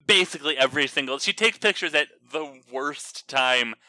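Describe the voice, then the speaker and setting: Bright-voiced man chatting about a cartoon. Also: fairly high pitch, normal speed, no echo. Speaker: podcast co-host. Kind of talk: casual chat about a cartoon.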